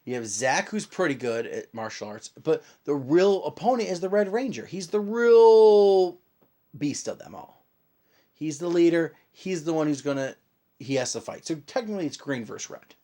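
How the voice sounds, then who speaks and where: Male podcast co-host, higher voice, very lively pitch, animated and playful. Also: moderate pace. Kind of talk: casual chat.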